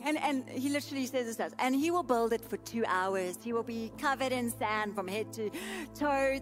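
A woman's voice: a little high, moderate pace, over music. A woman pastor in her thirties preaching a sermon with an emphatic, repetitive cadence.

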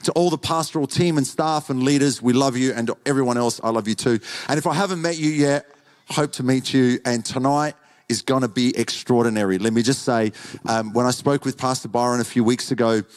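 A man's voice: medium pitch, brisk. A man with an Australian accent, a guest pastor greeting a church congregation in a chatty, enthusiastic sermon style. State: recovering from illness. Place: large church auditorium.

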